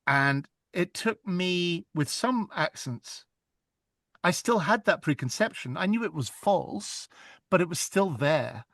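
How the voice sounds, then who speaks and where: A man's voice: sits high, expressive, slow, fairly bright tone, dry recording, clean studio sound. A man, an audiobook narrator talking in an interview, earnest and reflective, thinking aloud with small restarts. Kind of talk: casual interview chat.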